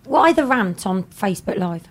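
A woman's voice: mid-range voice, animated, moderate pace. A woman co-hosting a radio show, bantering playfully with the host. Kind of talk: casual radio chat.

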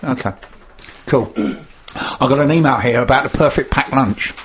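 A man with a gruff, husky voice co-hosting a radio show, reading community announcements and slowly spelling out web and email addresses. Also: mid-range voice, lo-fi sound, slight background noise. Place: radio studio. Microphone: studio microphone.

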